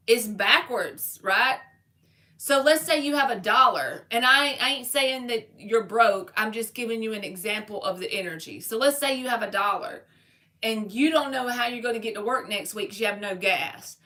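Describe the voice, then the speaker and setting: Woman, tarot reader, live-stream reading, casual slangy talk, higher pitch, bright tone. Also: unhurried. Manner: casual, slangy, talks straight to viewers.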